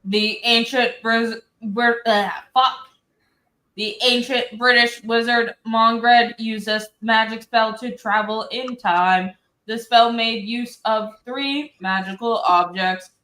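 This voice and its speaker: A woman's voice: fairly high pitch, steady tone, takes it slowly, bright, forceful tone, reverberant. A woman in casual chat who stumbles over words and laughs.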